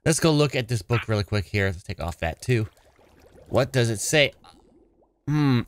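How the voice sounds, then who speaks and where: A man's voice: medium pitch, lively intonation, normal speed, pauses often, no room sound. A man with an ordinary, mid-range voice chats his way through his own gameplay in a casual, playful manner. He drops into a jokey pirate voice now and then. The sound is close and dry, with no room around it. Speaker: gaming channel host.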